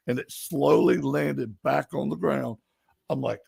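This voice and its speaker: Male investigator, lively high voice, animated storyteller. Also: unhurried, vocal fry, slightly rough, no room sound. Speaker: paranormal investigator. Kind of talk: casual storytelling on a live stream.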